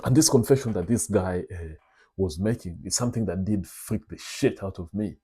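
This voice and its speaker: A young man tells a story to his audience in an animated, confiding way, calling them brothers. His voice is low and dark, with a husky edge. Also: normal speed. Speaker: vlog host. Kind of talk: casual storytelling monologue.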